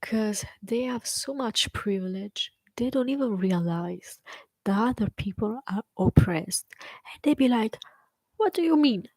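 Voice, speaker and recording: A woman's voice: mid-range voice, a little slow, darkish tone, no room sound, low-quality recording. A young adult woman hosting a solo podcast, ranting bluntly and scornfully with heavy profanity and emphatic repetition. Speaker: podcast host. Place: bedroom with an open window.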